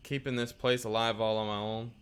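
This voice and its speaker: A man reading the lines of a gruff middle-aged male bartender who keeps track of debts, blunt and reproachful. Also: medium pitch, little pitch movement, fairly quick, a bit bright, natural voice. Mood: resentful.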